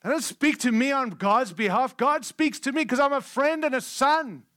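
A man preaching a conference sermon, emphatic and candid, shifting between loud declarations and hushed lines. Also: extremely high pitch, normal speed, no echo. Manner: candid and conversational.

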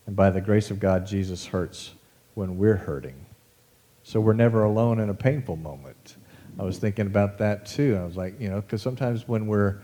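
A man with a low, warm voice delivers a sermon in a loose, conversational way. He slips in folksy asides and fillers, as if he is chatting with his congregation rather than lecturing them. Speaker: pastor. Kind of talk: casual sermon.

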